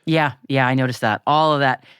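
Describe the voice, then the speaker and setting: A woman co-hosting a podcast in casual chat, animated and laughing often, with frequent restarts. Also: very deep voice, fairly quick, clean tone, dry recording, clean studio sound. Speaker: podcast co-host.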